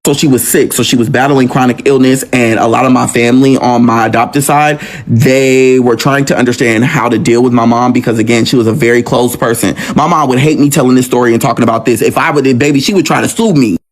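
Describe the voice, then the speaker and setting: A man's voice: mid-range voice, fairly even intonation, fast. A young man recounts his own hard family story. He sounds earnest and raw, and he hammers points home by repeating them. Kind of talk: emotional personal storytelling.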